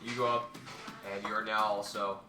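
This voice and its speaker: A man's voice: fairly low pitch, flat delivery, normal speed. A man running a tabletop game as game master, reading rolls and damage aloud with dry teasing. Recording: roomy echo, distant mic, background music.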